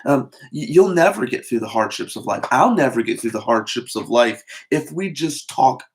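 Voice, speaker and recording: A man giving a short devotional sermon as pastor, talking in a loose conversational way with frequent fillers and restarts, and slowing down to stress scripture. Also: mid-range voice, expressive. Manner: conversational, with many fillers and repeated words.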